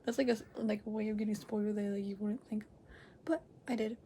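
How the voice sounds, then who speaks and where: At home, a woman hosts a reaction video, chatting casually to camera at medium pitch and fast pace. She rambles, corrects herself and laughs a lot, swinging from loud excited bursts to quiet near-whispers. A little hiss or hum sits under the audio.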